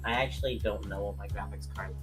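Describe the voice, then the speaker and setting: A man talking as a podcast guest in casual chat, halting, with many restarts and filler words. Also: lowish voice, fairly even intonation, music in the background.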